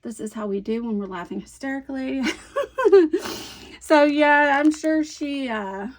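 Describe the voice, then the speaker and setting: A woman in her fifties chatting casually about her craft projects, rambling and animated and laughing easily as she tells a story. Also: fairly high pitch. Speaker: scrapbooking vlogger.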